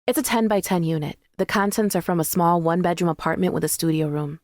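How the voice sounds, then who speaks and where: A woman narrating a first-person audiobook in a measured, intimate way, recorded in a dry studio booth. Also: fairly low pitch, steady tone, a little mellow, no room sound.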